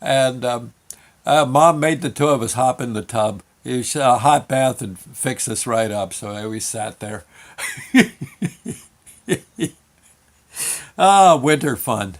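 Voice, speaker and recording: An older man hosting his own show, telling a rambling childhood story with chuckles and halting restarts. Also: medium pitch, expressive. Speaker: show host.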